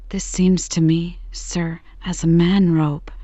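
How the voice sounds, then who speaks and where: A woman reading the lines of a frightened, lost young cabin boy who rambles in a dazed way, in a calm sleep-story reading of a classic novel. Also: on the low side, slow pace, no echo, lo-fi sound. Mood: pleading.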